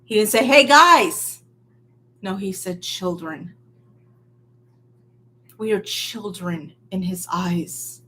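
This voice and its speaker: A woman delivers a heartfelt sermon at an unhurried pace, her voice soft and a little breathy. She leans hard on key words, then drops to an almost hushed tone. Her pitch sits in an ordinary middle range. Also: fairly even intonation. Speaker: preacher.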